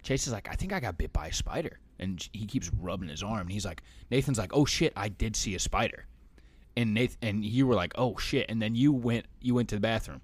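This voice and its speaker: A young man co-hosting a podcast tells stories in casual chat, animated and swearing freely. His voice sits on the low side and moves fairly quickly, with no room sound.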